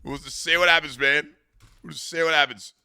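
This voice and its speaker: A man's voice: fairly high pitch, steady tone, brisk, creaky, bright, forceful tone, clear, resonant tone. An Australian man chatting casually on his live stream, swearing and laughing in a loose, rambling way.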